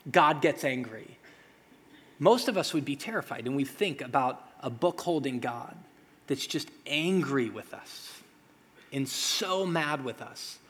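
Man, pastor, sermon, husky voice, rhetorical questions, long hall reverb. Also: on the high side, a bit bright. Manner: conversational, dramatic pauses and rhetorical questions.

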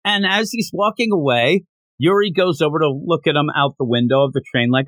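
A man's voice: a little high, brisk, dry recording. A man co-hosting a podcast, recapping a manga chapter in casual chat and acting out the characters' lines as he goes. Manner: animated, acts out characters' lines mid-story. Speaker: podcast co-host.

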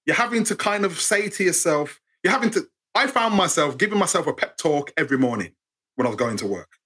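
British guy telling stories, husky voice, super lively, does little voices for people. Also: a little high, a little fast. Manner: expressive, acts out voices, sarcastic wit. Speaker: guest storyteller. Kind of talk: animated storytelling interview.

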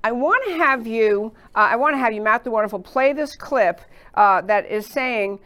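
A woman's voice: fairly high pitch, lively intonation, normal speed, fairly bright tone. A woman hosting a political talk show, rambling through her commentary with many fillers and restarts. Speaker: show host.

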